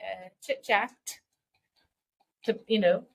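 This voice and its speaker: Woman podcast co-host, casual, thoughtful explainer, mid-pitched. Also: slow pace, creaky, slight background noise. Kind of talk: casual chat.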